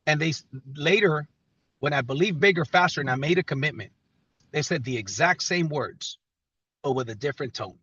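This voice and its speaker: Man, high husky voice, motivational team-call speaker, emphatic, repeats himself, dry and muffled sound. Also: lively intonation, normal speed, pushed and bright, no room sound. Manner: emphatic, repeats phrases for effect, stumbles and restarts. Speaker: company leader on a team call. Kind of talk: motivational pep talk on a live call.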